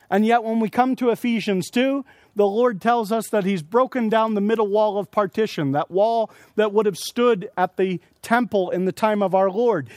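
At a conference session, a man with a high but darkish voice earnestly preaches a sermon, explaining scripture through everyday examples. He seems to be an adult with young children, and the audio is clean studio sound with no echo.

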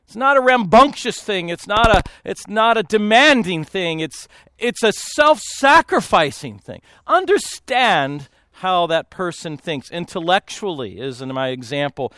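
A man speaking as a pastor in a storytelling talk, animated, laughing often and acting out the voices of people in his stories. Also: sits high, a little slow, no echo.

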